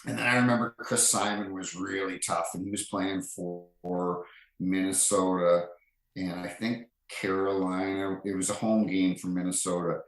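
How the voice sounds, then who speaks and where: Deep-voiced middle-aged man, roomy echo. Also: flat delivery, moderate pace. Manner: chatty, rambling, many fillers and restarts. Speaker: guest, retired referee. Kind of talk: casual anecdotal storytelling.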